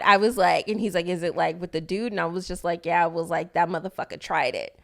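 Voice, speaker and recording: A woman's voice: fairly low pitch, fast, gravelly. A young woman co-hosting a podcast, telling a story in casual chat and acting out the quoted lines. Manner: animated, swearing, acts out quoted dialogue. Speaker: podcast co-host.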